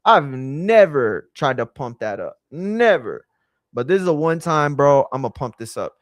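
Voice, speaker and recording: A man's voice: on the high side, big pitch swings, measured pace, no echo, clean studio sound. A young man casually reacting to wrestling in a slangy, profane, blunt way.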